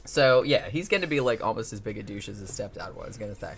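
A man's voice: on the low side, expressive, fast, vocal fry, fairly bright tone, slightly rough. A man hosting a casual chat, rambling and sarcastic, swearing freely as he recaps. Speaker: podcast host.

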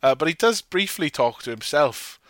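A man's voice: fairly high pitch, lively intonation, normal speed, no echo. A man co-hosting a podcast, chatting casually about a film in a jokey, rambling way and acting out quotes. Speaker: podcast co-host.

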